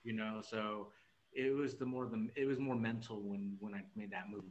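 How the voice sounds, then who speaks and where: A man's voice: lowish voice, fairly even intonation, moderate pace, highs cut off. A young man from California's Central Valley, a podcast guest talking in a loose, rambling way and laughing often. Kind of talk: casual chat.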